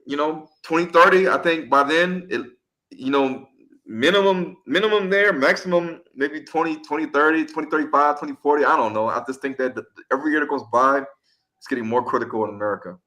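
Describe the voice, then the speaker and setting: A man talking as the guest on a podcast, an animated storyteller whose voice swings up and down. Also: a little high, fairly quick. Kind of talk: casual podcast conversation.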